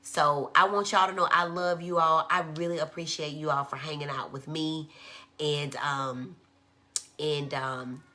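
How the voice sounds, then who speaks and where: A woman in her thirties chats casually on a live stream, reading out viewer comments and calling her audience y'all. Her voice sits low but sounds crisp and forceful. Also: fairly even intonation, a little slow. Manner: chatty, reads viewer comments aloud, says y'all often. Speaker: child and adolescent psychiatrist.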